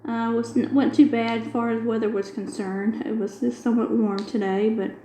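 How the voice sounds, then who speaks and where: A woman's voice: fairly high pitch, little pitch movement, moderate pace, dark tone, echoey room, slight background noise, low-quality recording. A middle-aged woman, chatting casually and retelling a long everyday story with quoted dialogue. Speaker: craft video host. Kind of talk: casual chat while diamond painting.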